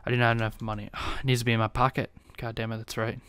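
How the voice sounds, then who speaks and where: Excitable young man with a smooth voice. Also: mid-range voice, racing, no room sound. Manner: excitable, laughs often. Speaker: gaming YouTuber. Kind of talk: gameplay commentary and role-play.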